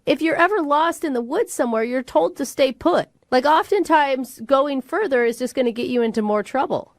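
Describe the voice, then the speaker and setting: A woman co-hosting a radio show, frank and skeptical but bubbly. Her voice is high and swoops around, and the studio sound is dry and close. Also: lively intonation, moderate pace, no room sound. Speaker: radio co-host.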